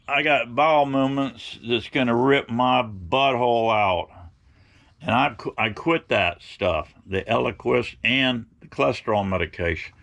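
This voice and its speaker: Gravelly folksy man rambling. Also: medium pitch, fairly bright tone. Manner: rambling, folksy, blunt and opinionated. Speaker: outdoor vlogger. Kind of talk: rambling storytelling to viewers.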